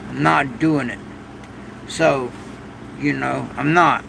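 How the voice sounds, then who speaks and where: Gravelly older man rambling. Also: medium pitch, steady tone, slow, noisy background. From United States. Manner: rambling, thanks viewers with loud bursts. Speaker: livestream host. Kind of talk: casual livestream chat. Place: shed during a storm.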